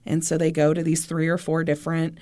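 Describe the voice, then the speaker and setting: A woman co-hosting a podcast, telling a true crime story in a casual, animated way and acting out what people said. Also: deep voice, brisk. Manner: animated retelling, acting out quotes. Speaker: podcast co-host.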